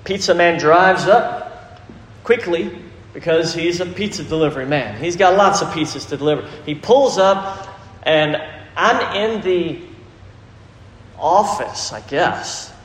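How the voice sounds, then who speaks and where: High-voiced preacher in an echoey hall. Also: male voice, unhurried. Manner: storytelling, animated preaching with acted quotes. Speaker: pastor. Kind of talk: sermon. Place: large church hall. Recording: echoey hall, faint ambience.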